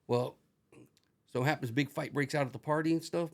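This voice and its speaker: A man's voice: medium pitch, a little fast, darkish tone. A middle-aged man, a retired corrections officer, telling rambling, profane stories as an interview guest. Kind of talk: casual storytelling.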